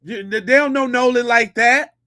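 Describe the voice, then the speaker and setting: A man's voice: very high-pitched, measured pace, pushed and bright. A middle-aged man hosting a podcast, giving mocking, incredulous, slangy commentary on a clip.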